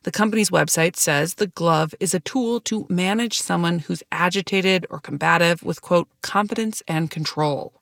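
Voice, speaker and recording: A woman reporter reading a scripted news story in a measured, even way. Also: fairly low pitch, creaky, dry recording, studio quality.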